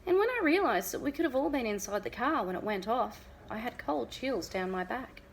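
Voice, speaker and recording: A woman teacher reading a novel aloud to her class in an expressive storytelling voice. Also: fairly high pitch, brisk, slight background noise.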